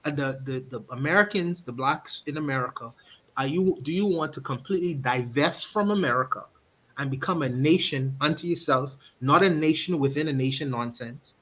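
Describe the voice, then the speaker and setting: A man with a somewhat high voice talks through a casual podcast discussion. He presses his point earnestly and laughs often between sentences. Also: normal speed, fairly bright tone, slightly rough. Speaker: podcast host.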